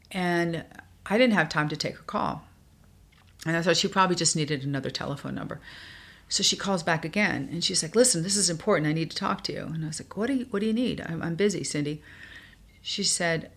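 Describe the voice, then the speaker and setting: An older woman from New York tells her stories in a fairly low voice. She keeps it lively, jumping into the quoted voices of the people in her tales. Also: gravelly. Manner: animated, acts out quoted voices. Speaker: guest. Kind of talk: storytelling in a podcast interview.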